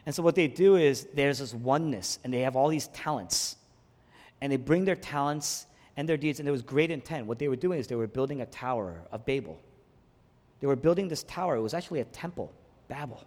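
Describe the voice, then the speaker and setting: Man, preacher, sermon, very animated pitch, hushed lows to loud peaks, reverberant hall. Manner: impassioned preaching, surging from hushed lows to soaring emphatic peaks. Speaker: pastor.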